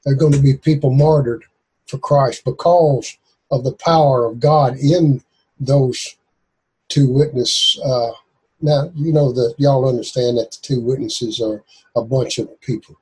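A man's voice: mid-range voice, steady tone, unhurried, darkish tone, breathy edge, poor audio. A man preaching fervently and emphatically to a Bible study group. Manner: exhorting, emphatic. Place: church group room.

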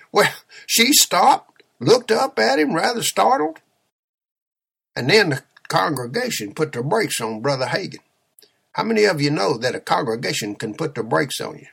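A man's voice: fairly high pitch, vocal fry, fairly bright tone, husky. A man preaching a sermon, telling a story in an emphatic, exhorting way.

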